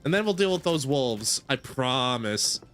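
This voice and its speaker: A man voicing an impatient young woman customer who pleads in a high, whiny voice. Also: expressive, a little slow, a bit bright, faint music behind. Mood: pleading.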